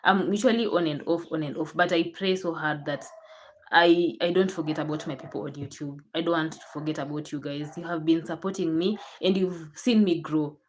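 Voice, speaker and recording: Young Kenyan woman, low voice, chatty vlogger who repeats herself and restarts. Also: steady tone, brisk, slight background noise. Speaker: YouTuber. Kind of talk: casual chat to camera.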